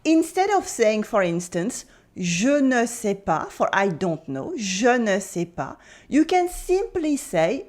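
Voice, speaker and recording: A woman with a French accent, a French teacher giving a playful, cheeky online language lesson. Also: fairly high pitch. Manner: lively, playful, cheeky asides.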